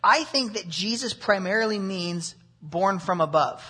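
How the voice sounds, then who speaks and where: A man with a high voice preaches an expository sermon at an unhurried pace, working through a passage verse by verse. He's animated, tossing in rhetorical questions and asides.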